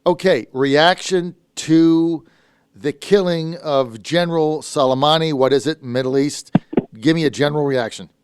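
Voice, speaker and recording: A man hosting a news talk radio show, speaking briskly and informally, greeting guests and reading out listener texts. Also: a little high, clean tone, no room sound, studio quality.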